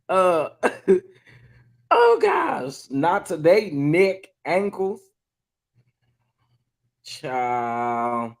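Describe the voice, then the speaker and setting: A man's voice: a little high, big pitch swings, very slow, gravelly, pauses often. A man hosting a casual reality-TV chat, laughing often. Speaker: host.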